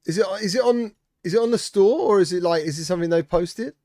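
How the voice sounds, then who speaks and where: A man's voice: sits high, fast talker, darkish tone, dry recording, studio quality. A man hosting a casual live-stream chat, greeting viewers by name and answering their comments. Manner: chatty, reads out viewer comments and greets them. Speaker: streamer host.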